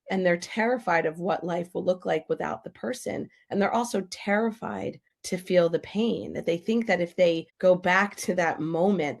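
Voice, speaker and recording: A woman talking on a podcast as a grief expert, her voice carrying a gravelly, fried edge. She speaks with emphatic energy and slips into little acted-out voices to make her points. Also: fairly low pitch. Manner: animated, emphatic, acts out quoted voices. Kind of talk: podcast interview.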